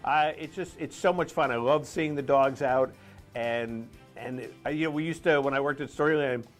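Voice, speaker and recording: A man's voice: medium pitch, moderate pace, soft background music. A middle-aged man from Rhode Island hosting a live morning show, chatting casually and rambling with lots of fillers.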